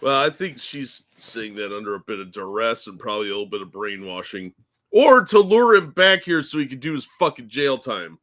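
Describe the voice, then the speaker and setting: Blunt man with a bright edge. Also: medium pitch, big pitch swings, brisk. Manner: blunt, crude, sarcastic remarks. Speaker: co-host. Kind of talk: casual podcast chat.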